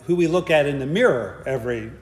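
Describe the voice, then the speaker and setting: A man's voice: a little high, expressive, fast. A man giving a conversational sermon, with joking asides and frequent restarts. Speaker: preacher. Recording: echoey hall.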